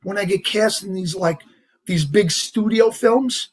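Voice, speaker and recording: Guest, male, heavy New York accent, raised husky voice, animated and rambling, casual interview. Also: high voice, measured pace. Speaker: actor guest.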